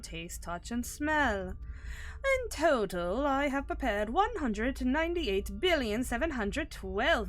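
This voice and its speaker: A woman's voice: sits high, fairly bright tone, pitched above the performer's own voice, full character voice. Woman putting on Kof, a stiff alien being. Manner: stiff, overly formal, pedantic phrasing. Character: formal, long-winded alien ether being. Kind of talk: reading game dialogue aloud in a put-on voice.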